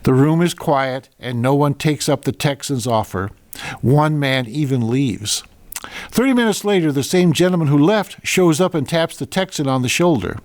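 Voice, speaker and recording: A man's voice: a little high, moderate pace, no room sound. An older man hosting a podcast, reading jokes and a children's story aloud with chatty asides and small stumbles.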